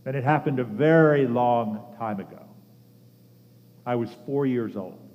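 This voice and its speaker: A man in his seventies giving a sermon as pastor, telling a personal story earnestly with measured pauses. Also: medium pitch, muffled recording. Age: 70s. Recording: long reverb of a large hall.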